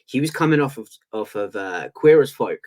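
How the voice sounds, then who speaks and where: A man's voice: mid-range voice, animated, moderate pace, a little mellow. An English man co-hosting a podcast, chatting casually and ranting playfully with restarts. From England. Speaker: podcast co-host. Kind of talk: casual chat.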